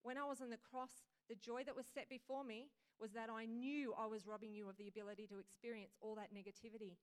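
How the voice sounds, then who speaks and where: A woman's voice: a little high, little pitch movement, fast talker, clean tone, natural voice. A woman voicing Jesus as a firm, insistent man while reading a dream story aloud in a sermon. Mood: joyful. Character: stern then joyful male Jesus, insistent.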